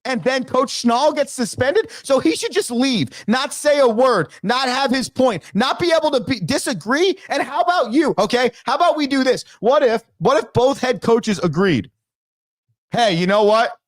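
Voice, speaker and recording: A man's voice: very high-pitched, animated, normal speed, few pauses, no room sound, studio quality. A man who coaches baseball and hosts a show, ranting in casual sports commentary, emphatic and exasperated.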